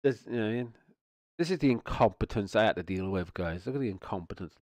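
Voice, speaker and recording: Low-voiced rambling male streamer. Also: expressive, quick pace, a little mellow, dry recording. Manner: rambling, swears, stumbles and restarts, repeats "you know what I mean". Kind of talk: casual ranting commentary.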